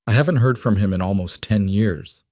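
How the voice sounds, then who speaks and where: A man voicing a wary young woman drifter in a storybook reading, speaking carefully and slowly. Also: fairly low pitch, darkish tone, no echo, clean studio sound, natural voice. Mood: guarded. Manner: careful, measured.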